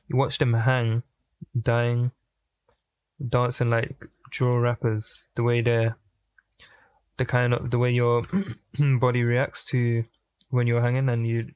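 Man musing aloud in a flat tone. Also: medium pitch, no echo. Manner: thinking aloud, musing and pausing. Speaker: music reaction host. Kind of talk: casual commentary.

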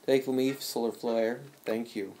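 A young channel host and gamer hosts a casual gaming video with a friend, rambling and repeatedly saying "though" and "anyways." His mid-range voice is mellow, with fairly even intonation and a measured pace, over slight background noise.

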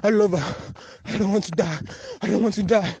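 A man's voice: high voice, brisk, dark tone, slightly rough, lo-fi sound. A man with a Nigerian English accent, making an urgent, repetitive, pleading appeal in a phone voice note. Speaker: anonymous voice-note caller. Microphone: phone voice recording.

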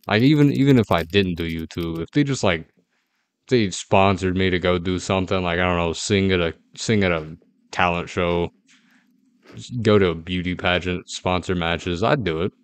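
A man's voice: sits low, moderate pace, clean tone. A man giving rambling, jittery, self-mocking commentary as a gaming YouTuber playing a horror game.

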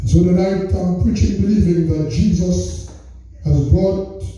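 A man's voice: sits high, steady tone, dark tone, soft background music. A man preaching a revival sermon in a large tent, repeating his lines and stretching out phrases. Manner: repetitive call-and-response preaching, drawn-out phrases. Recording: echoey tent from far off.

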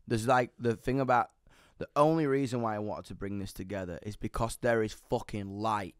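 A young man, a musician guest, telling stories in a lively, sweary, casual way, often acting out the voices of others. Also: on the low side, normal speed, clear, resonant tone, no room sound, studio quality. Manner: animated, swears a lot, acts out voices. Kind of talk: casual storytelling interview.

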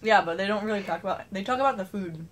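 A woman's voice: mid-range voice, racing. Young woman vlogger, giggly and rambling, casual chat with a friend, faint background noise. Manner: giggly, rambling with many fillers.

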